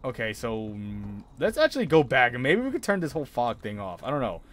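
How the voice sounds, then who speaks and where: In this horror let's play, a young streamer yelps and laughs nervously as he plays, clearly on edge. His mid-range voice swoops wildly in pitch, and he talks briskly.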